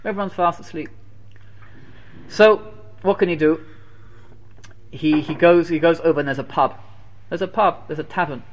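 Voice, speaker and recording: A man giving a sermon, telling a story with animated repetition and Hebrew and Yiddish terms sprinkled in. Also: a little high, moderate pace, long pauses, highs cut off, slight background noise. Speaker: preacher telling a Torah story.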